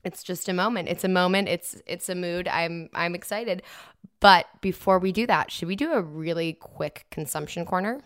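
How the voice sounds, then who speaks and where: A woman's voice: on the low side, normal speed, smooth, dry recording, clean studio sound. A young woman co-hosting a podcast, chatting casually and rambling with frequent laughs. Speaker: podcast co-host. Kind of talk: casual chat.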